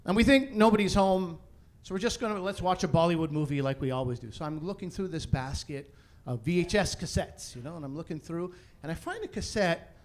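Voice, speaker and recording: Animated high-voiced man doing stand-up. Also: a little fast. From Canada. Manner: animated, loud bursts of exasperation, acts out voices of others. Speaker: stand-up comedian. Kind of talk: stand-up comedy set.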